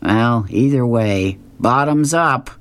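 A tipsy neighbor, voiced by a woman reading comics who jokes easily. The voice is very low and drawn out. It sounds close and dry. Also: slow, dry recording. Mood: breezy. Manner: breezy, joking. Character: tipsy joking neighbor man.

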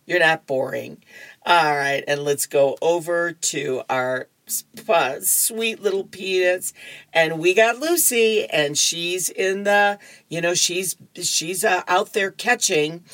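Lady reading the funnies on radio, chatty, slow, dry close mic. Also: low voice, a bit bright, dry recording. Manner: chatty, laughs between strips. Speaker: radio reader. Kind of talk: reading comics aloud on radio.

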